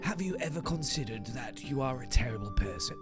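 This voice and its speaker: A man voicing a smooth male TV show host in a put-on accent, with a polished presenter manner. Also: mid-range voice, expressive, brisk, music in the background, natural voice. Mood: dry.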